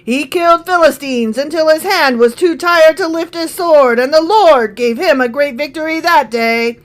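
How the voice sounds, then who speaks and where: Woman doing a booming showy announcer. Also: moderate pace, natural voice. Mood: hyped. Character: booming male sports-style announcer.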